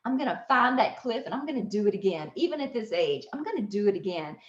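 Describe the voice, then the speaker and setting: A woman's voice: mid-range voice, big pitch swings, fast talker. A middle-aged woman hosting a podcast, telling a personal story in an emotional, breathless way and often restarting her sentences. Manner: emotional, breathless and self-interrupting. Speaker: podcast host. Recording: echoey, slightly dull recording.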